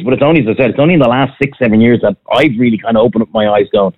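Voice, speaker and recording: A man's voice: mid-range voice, rapid-fire, hardly any pauses. An Irish man in casual chat, ranting bluntly and with some profanity. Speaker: podcast guest, former restaurant owner. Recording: tinny phone-like sound.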